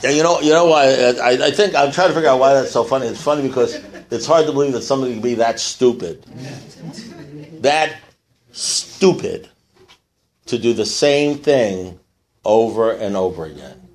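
A man speaking at a recovery meeting, telling a long joke and acting out the characters in a rising, excited voice. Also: medium pitch, normal speed. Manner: animated storyteller, acts out characters in rising voice.

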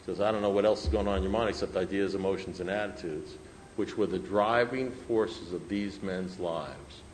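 A man's voice: deep voice, moderate pace, slight background noise, rough recording. Emphatic middle-aged man, blunt talk. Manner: animated, emphatic, repetitive, blunt. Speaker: speaker at a recovery meeting. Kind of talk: personal recovery talk.

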